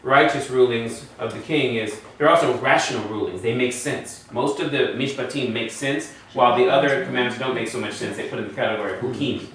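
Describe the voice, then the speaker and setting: A man's voice: medium pitch, fairly quick, hardly any pauses, fairly bright tone, a little hiss or hum. Man teaching Hebrew in an echoey room. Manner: explains patiently, asks students questions. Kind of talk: classroom Hebrew lesson. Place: classroom in a congregation building. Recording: very echoey room, mic far off.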